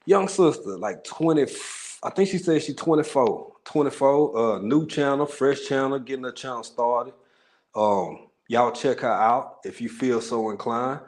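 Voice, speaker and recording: Unhurried and mid-range, this man's darkish voice carries an East Texas Southern accent. Running a laid-back livestream, he talks freely with his audience and welcomes each by name using Southern slang.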